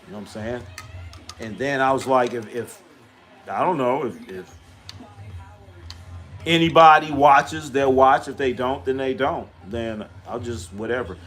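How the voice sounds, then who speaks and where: A man's voice: mid-range voice, unhurried, long pauses, fairly bright tone. A middle-aged man hosting a casual live stream, trash-talking, repeating himself and answering chat questions aloud.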